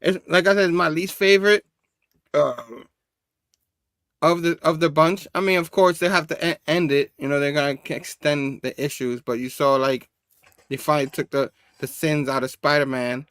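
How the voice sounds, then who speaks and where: Higher-voiced man chatting about comics. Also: moderate pace, clear, resonant tone, no room sound, clean studio sound. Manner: relaxed, chuckling, many fillers. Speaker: comic book show co-host. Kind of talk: casual review chat. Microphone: video call.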